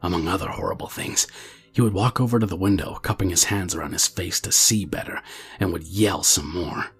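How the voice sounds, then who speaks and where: A man reading a true scary story aloud as the channel's narrator, in a steady, low-key way. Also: a little fast, creaky, slightly rough, faint music behind.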